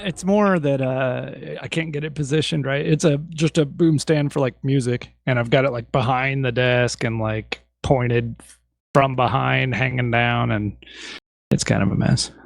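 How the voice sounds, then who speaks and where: A man co-hosting a podcast, chatting in an easygoing, halting way while setting up. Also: mid-range voice, fairly even intonation, creaky, no echo. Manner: easygoing, hesitant. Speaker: podcast co-host. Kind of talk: casual pre-show chat.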